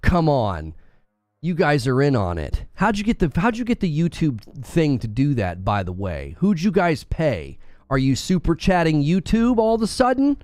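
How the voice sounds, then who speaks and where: A man's voice: a little high, huge pitch swings, moderate pace, a little mellow, no room sound, soft background music. A male gaming streamer in a comedic, theatrical rant to his live chat, indignant and mock-paranoid.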